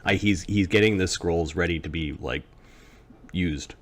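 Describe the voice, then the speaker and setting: A man playing a tabletop game, describing his character's actions in a halting, casual way. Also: sits low.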